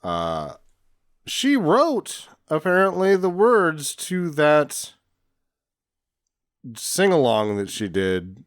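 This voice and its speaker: A man's voice: on the high side, wildly swooping pitch, extremely slow, long pauses. A man co-hosting a casual movie podcast, sharing trivia and dry jokes. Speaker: podcast co-host. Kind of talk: casual comedic movie chat.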